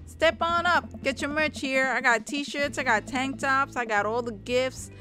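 A woman voicing a brash young male bassist kid who loudly hawks band merch with pushy salesman patter in a video game. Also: a little slow, soft background music. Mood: hawking.

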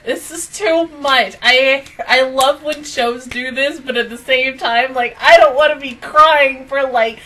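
A crying woman talks through her reaction to an episode in a high, bright voice. She laughs between words and exclaims often. It sounds like a casual solo chat at a desk mic. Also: measured pace, few pauses, far from the mic, rough recording. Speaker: anime reaction video host.

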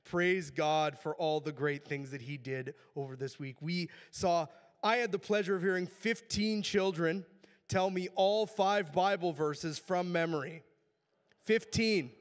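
A man with a hoarse, worn-out voice gives church announcements and leads an earnest, reverent spoken prayer. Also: on the high side, measured pace. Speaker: church leader. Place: church sanctuary. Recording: long church-hall reverb.

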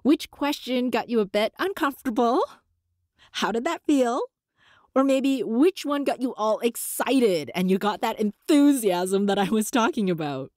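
A woman hosting a solo podcast, coaching listeners in an encouraging, animated way with playful voice shifts. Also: fairly high pitch, unhurried, dry recording, clean studio sound. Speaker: podcast host.

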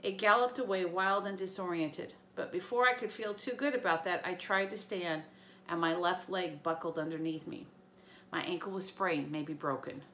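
Female teacher reading a chapter aloud to sixth graders, lively and bright. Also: on the low side, normal speed, slight background noise. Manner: lively storytelling with small slips. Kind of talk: reading a novel aloud to students.

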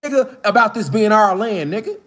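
A man preaches outdoors in the mountains. His talk is casual, profane and slangy, and it keeps climbing into fired-up shouts. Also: high-pitched, expressive, brisk. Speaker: spiritual commentator.

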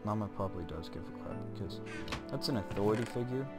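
A man's voice: lowish voice, quick pace, over loud music. Goofy young man rambling over gameplay. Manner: goofy, self-mocking, talks to viewers, voice jumps up when excited. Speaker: gaming channel host. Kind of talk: rambling game commentary.

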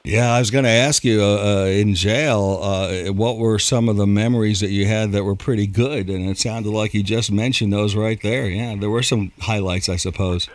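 A man's voice: lowish voice, fairly even intonation, normal speed, few pauses, no echo. A man hosting a radio interview show, asking questions in a friendly, fan-like way.

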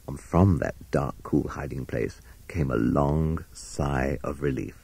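A man reading a children's storybook aloud as narrator, in an expressive, animated way. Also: a bass voice, normal speed, vocal fry, husky, no echo.

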